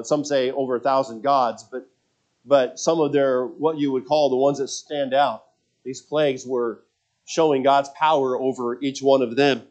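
A man's voice: mid-range voice, darkish tone, lo-fi sound. A man preaching a sermon, earnest and emphatic, often repeating words as he restarts his thoughts.

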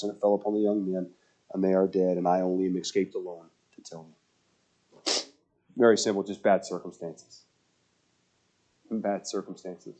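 Animated preacher, loud to hushed. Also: male voice, lowish voice. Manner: animated storyteller, acts out quoted voices, swings loud to soft. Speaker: pastor. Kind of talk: sermon.

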